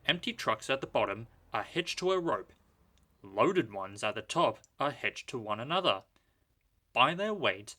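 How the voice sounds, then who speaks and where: A man reading a children's storybook aloud, narrating in a lively, expressive way. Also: mid-range voice.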